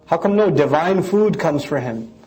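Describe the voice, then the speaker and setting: A man lecturing on scripture. He explains it line by line and mimics critics in quick asides. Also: a little high, animated, a little mellow.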